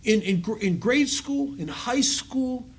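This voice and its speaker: A man's voice: very high-pitched, expressive, slow, husky. A middle-aged man speaking to a recovery group, telling stories conversationally and poking fun at himself, laughing at his own jokes. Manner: self-mocking storyteller who laughs at his own jokes; conversational, full of restarts and asides to the audience. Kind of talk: talk to a recovery audience.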